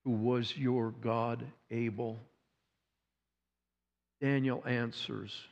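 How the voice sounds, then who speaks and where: A man preaching a sermon, retelling a story dramatically with repeated phrases and pauses. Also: medium pitch, expressive. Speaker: pastor. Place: church sanctuary. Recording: dull sound with long hall reverb.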